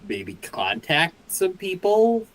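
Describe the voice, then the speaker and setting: A man's voice: sits high, very animated, takes it slowly, a bit bright, rough recording. A man playing in a tabletop game, thinking aloud and correcting himself as he plans. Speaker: player. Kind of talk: casual chat at a tabletop game.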